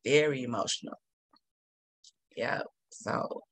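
A middle-aged grieving father with a gravelly, fried voice and a sharp, bright edge. He talks haltingly, restarting his sentences and letting words trail off. The sound is close and dry. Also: medium pitch, no echo. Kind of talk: emotional conversation.

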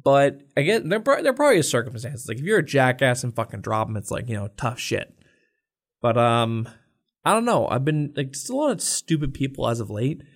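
A man's voice: medium pitch, sing-song, a little fast. A young man co-hosting a podcast, telling a rant-filled story in casual chat, cursing and acting out customers. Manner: profane, exasperated storytelling, acts out customers. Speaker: podcast co-host.

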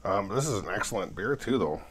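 A man's voice: fairly low pitch, expressive, brisk, a little hiss or hum. A man co-hosting a podcast, joking and laughing through a casual chat over beers. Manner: jokey, laughs often, playful. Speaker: podcast co-host.

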